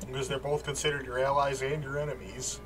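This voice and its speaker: A man's voice: mid-range voice, little pitch movement, fast, a bit bright, faint music behind. A man narrating as game master in a tabletop game, calling rolls and outcomes matter-of-factly with the odd chuckle. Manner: matter-of-fact rules calls, chuckling.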